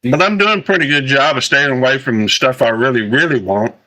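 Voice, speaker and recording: A man hosts a casual livestream while he eats, his voice bright and forward at an ordinary middle pitch. He rambles, stalls on fillers and circles back over his own words. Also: low-quality recording. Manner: rambling, halting, full of fillers. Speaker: livestream host.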